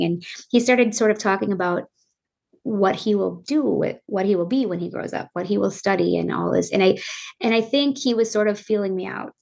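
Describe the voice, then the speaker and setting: A middle-aged woman, a bereaved mother, telling her story earnestly and haltingly as a podcast guest. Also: medium pitch, vocal fry. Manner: earnest, halting, circling back on her words. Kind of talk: emotional personal storytelling.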